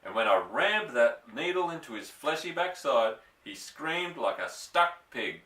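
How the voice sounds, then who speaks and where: A man reading a storybook aloud, voicing an excitable, indignant little elderly country doctor. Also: measured pace, recorded from a distance. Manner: indignant, excitable, raised higher voice. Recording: echoey room, voice off-mic.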